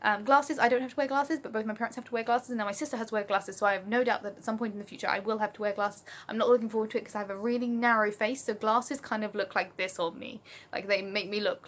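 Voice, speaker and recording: A woman's voice: medium pitch, a bit bright. A young English woman from Oxfordshire, rambling through a casual Q&A vlog with lots of ums, recorded on a phone. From Oxfordshire, England. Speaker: vlogger.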